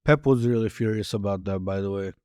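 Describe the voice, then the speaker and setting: A man with a lowish voice chats about football as a co-host, agreeable and quick to chime in with short replies. He is recorded close and dry. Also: a little mellow, smooth, dry recording. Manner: agreeable, frequent short backchannels. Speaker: podcast co-host. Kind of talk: casual football podcast chat.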